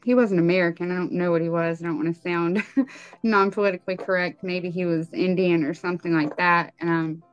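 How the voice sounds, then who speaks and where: A young woman telling her personal testimony in conversation, halting and full of ums and likes. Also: fairly low pitch, fairly even intonation, clean tone, dry recording, muffled recording, faint music behind.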